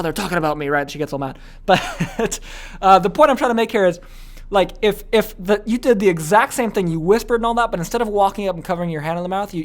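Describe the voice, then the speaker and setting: A man teaching an online course in a casual, chatty way, full of fillers and frequent "okay?" asides. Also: high-pitched. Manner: acts out little quoted scenes.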